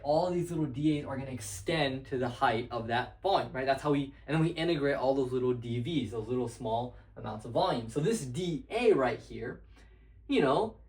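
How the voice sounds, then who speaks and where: A young man teaching math at a whiteboard in a loose, rambling way, full of fillers and restarts. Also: medium pitch. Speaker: math tutor. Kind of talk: casual whiteboard lesson. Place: room with a whiteboard. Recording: echoey room.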